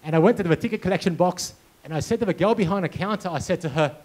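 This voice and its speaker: A man's voice: high voice, quick pace, a little mellow. A man giving a storytelling keynote speech, acting out dialogue and sound effects as he goes. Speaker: keynote speaker. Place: conference hall with audience.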